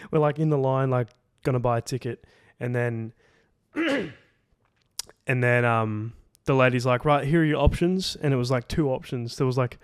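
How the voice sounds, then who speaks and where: A young podcast co-host tells a long travel story in casual chat, loose and rambling, peppering his sentences with "like" and swearing casually. His medium-pitched voice is a little slow with a clean tone. It sounds dry and close, with no room sound.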